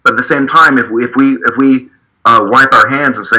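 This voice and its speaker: A man's voice: mid-range voice, steady tone, brisk, pushed and bright, poor audio. A man from Utah telling a heated, profane story in a casual political discussion, stumbling and restarting as he talks. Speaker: activist guest, state party delegate. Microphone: video call.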